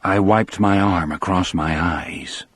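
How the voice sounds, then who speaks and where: A man narrating an audiobook in the first person, with measured storytelling. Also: deep voice.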